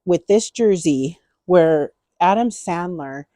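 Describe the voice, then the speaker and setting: A woman's voice: fairly low pitch, lively intonation, slow, dark tone, no room sound. A middle-aged woman chatting casually through a beauty haul, rambling and repeating herself with enthusiasm.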